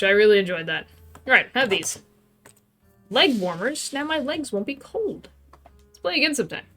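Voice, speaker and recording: A woman's voice: high voice, a bit bright. A woman streaming a game, chatting casually and playfully reading the characters' lines aloud in light voices.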